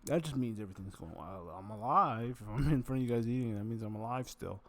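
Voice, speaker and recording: Man, mid-pitched, stuffy-nosed, chatting and joking between bites; casual, swears. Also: fast, fairly bright tone. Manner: rambling, joking, swears casually while eating. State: congested nose, full, chewing. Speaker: vlogger. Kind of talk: casual eating vlog chat.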